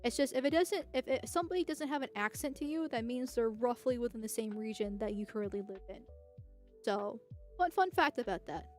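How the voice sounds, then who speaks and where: A woman's voice: fairly high pitch, lively intonation, fairly quick, faint music behind. A young woman from the United States talking casually on a livestream, rambling and chatty with lots of restarts and laughs. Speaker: political streamer.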